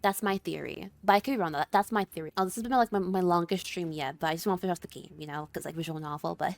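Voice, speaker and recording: A young adult woman streaming a visual novel, talking in a chatty, flustered way with lots of fillers and quick apologies. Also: lowish voice, vocal fry. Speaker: VTuber streamer. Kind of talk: casual game stream with visual novel read-aloud.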